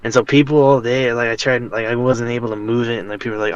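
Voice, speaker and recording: A man's voice: mid-range voice, flat delivery, fast talker, clear, resonant tone, lo-fi sound. Rambling young man telling a story. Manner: rambling storyteller, lots of fillers and restarts. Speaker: podcast co-host. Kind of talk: casual chat.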